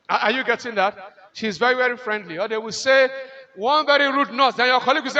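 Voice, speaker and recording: A man with a Nigerian accent giving a motivational lecture to nurses at a conference, emphatic and repetitive, slowing down on key lines and asking the audience rhetorical questions. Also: extremely high pitch, sharp tone, highs cut off.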